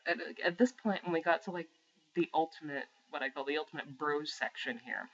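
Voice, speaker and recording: A young adult gamer ranting in a swear-heavy, exasperated way, jumping into sarcastic mock quotes. The voice sits in a middling pitch. The recording sounds dull and lo-fi, like a cheap home mic. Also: normal speed. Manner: animated, mocks others with put-on quotes. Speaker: gaming vlogger. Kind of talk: angry rant to camera.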